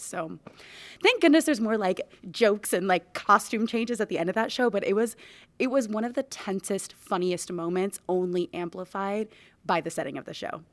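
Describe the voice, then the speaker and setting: A young actress tells a casual, lively anecdote, laughing often as she goes. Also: medium pitch, dry recording. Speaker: actor.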